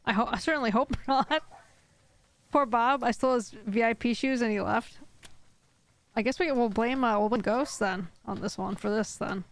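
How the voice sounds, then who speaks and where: A woman whose voice is on the high side talks at a normal speed while streaming a game live. She chats casually and meanders with many fillers, reading viewers' messages aloud and replying to them.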